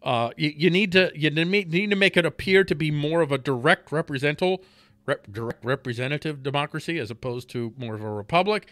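Heated, swearing man with a bright voice. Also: fairly high pitch, brisk, dry recording. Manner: heated, swearing, repeats words, laughs between points. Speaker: podcast host. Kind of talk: profane political rant.

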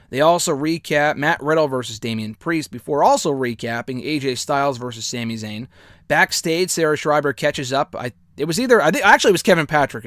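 A man's voice: mid-range voice, fairly bright tone, no echo, studio quality. A man giving a casual spoken recap and review of a wrestling show, rambling and often correcting himself as he goes. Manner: rambling, self-correcting, chatty.

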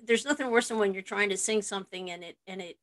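A woman's voice: mid-range voice, fast talker, fairly bright tone. A woman hosts a casual conversation, speaking earnestly. She often repeats her first words as she starts a thought, in a mid-range voice. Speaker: host. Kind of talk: casual chat.

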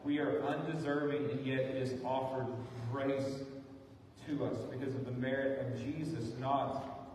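Pastor preaching in an echoey hall. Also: male voice, mid-range voice, little pitch movement, unhurried, a little mellow. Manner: earnest, pleading, rising to emphatic calls. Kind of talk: sermon. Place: church sanctuary. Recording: echoey hall, distant mic, faint noise.

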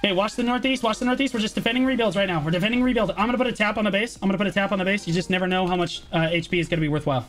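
Fast, high-voiced man barking game orders. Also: fairly bright tone, faint music behind. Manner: urgent, commanding, repeats every order, swears. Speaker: guild shotcaller.

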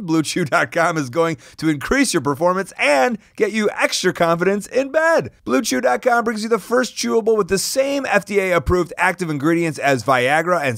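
A man's voice: high voice, creaky, fairly bright tone, no echo, studio quality. An American man hosting a podcast, joking around, laughing easily and reading an ad in a casual chatty way. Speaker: podcast host. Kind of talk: casual chat and sponsor read.

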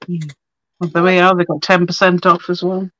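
A woman's voice: fairly low pitch, level tone, moderate pace, fairly bright tone, a little hiss or hum, low-quality recording. A woman hosting a casual crafting livestream, talking half to herself as she works. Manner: muttering to herself while working. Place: home craft room.

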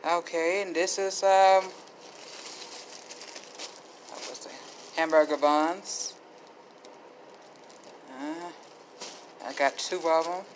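A woman's voice: lowish voice, steady tone, slow pace, long pauses, a little hiss or hum, rough recording. A middle-aged woman vlogger chatting casually to camera as she shows her food haul, with faith-filled asides.

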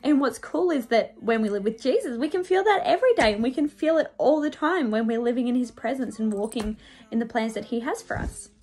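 A woman's voice: fairly high pitch, lively intonation, fairly quick, a little mellow, husky. A young woman presenting to children on a church show, telling a personal story in a bubbly, sing-song way and acting out the voices.

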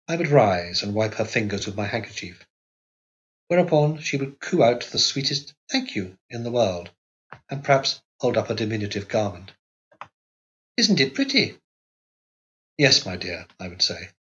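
A man narrating an audiobook in a measured, even reading voice. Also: lowish voice, highs cut off. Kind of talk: scripted narration.

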